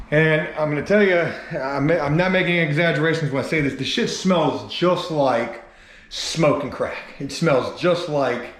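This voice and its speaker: A laid-back man vlogging his home renovation in a casual, joking way, swearing freely. His voice sits a little high for a man. The bathroom around him is echoey, with faint noise underneath.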